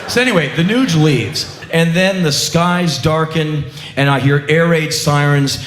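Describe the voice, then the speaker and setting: A man's voice: fairly high pitch, unhurried, fairly bright tone, reverberant. A middle-aged man telling a sarcastic, profane comic story on stage. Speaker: spoken-word comedian.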